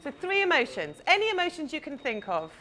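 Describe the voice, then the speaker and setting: A woman's voice: sits high, sing-song, fairly quick, bright, forceful tone. A woman, a confidence coach giving a chatty, playful talk to a live audience on stage.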